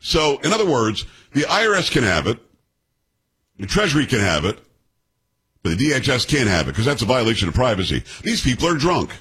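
A man's voice: medium pitch, sing-song, brisk, a bit bright, slightly rough. A man in his sixties hosting a political talk radio show, blunt and sarcastic, quizzing his co-hosts and ranting at the news.

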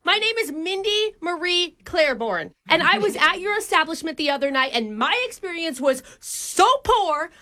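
An entitled, fussy diner, as a woman puts her on, hammering out indignant, rapid-fire demands. Her voice is very high and bright, and it swings widely in pitch. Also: lively intonation, heavily acted. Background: radio prank call.

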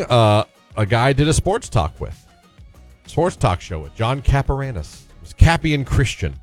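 A man hosting a casual radio talk show, telling a self-deprecating story and inviting listeners to call in. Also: medium pitch.

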